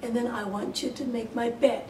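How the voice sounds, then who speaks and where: A woman voicing Mother Hulda, a kindly old fairy-tale woman who speaks gently, coaxing and giving instructions. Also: on the high side, steady tone, normal speed, close to an everyday voice. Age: older. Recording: roomy, distant mic, faint hiss.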